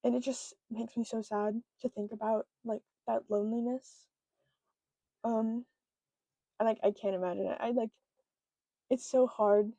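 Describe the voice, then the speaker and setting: Mellow-voiced woman, emotional book vlog. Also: a little high, fairly even intonation, no room sound, poor audio. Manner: emotional, halting, many fillers. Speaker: book vlogger. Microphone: own microphone close up.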